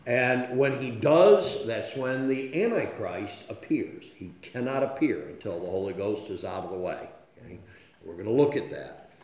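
A man's voice: fairly low pitch, lively intonation, normal speed, darkish tone. Folksy preacher man in an echoey church. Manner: folksy, storytelling, frequent "okay?" check-ins. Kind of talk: sermon.

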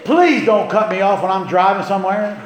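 Middle-aged male pastor, folksy sermon storyteller, big sudden outbursts; booming echoey sanctuary with faint room noise. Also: lively intonation, moderate pace. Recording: very echoey church hall.

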